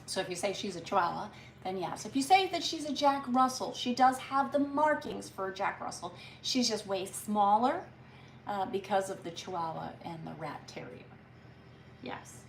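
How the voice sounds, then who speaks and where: A woman's voice: mid-range voice, animated, moderate pace, gravelly, slight background noise. A woman chatting casually and rambling on a live stream from her farm home. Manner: chatty and rambling, with frequent restarts. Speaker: livestream host. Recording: roomy sound from a distant mic.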